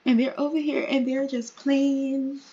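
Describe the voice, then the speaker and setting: A woman's voice: sits high, little pitch movement, measured pace, warm tone, highs cut off. A woman hosting a life-sim let's play, narrating in a chatty way with asides to viewers. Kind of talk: casual game narration.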